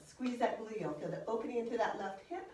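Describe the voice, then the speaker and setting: A woman's voice: fairly high pitch, a little fast, dark tone, a little hiss or hum. Woman workout instructor, encouraging coaching cues, recorded from a distance in a roomy space. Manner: encouraging cues, counting down, exertion whoops. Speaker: fitness instructor. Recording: echoey room, voice from a distance.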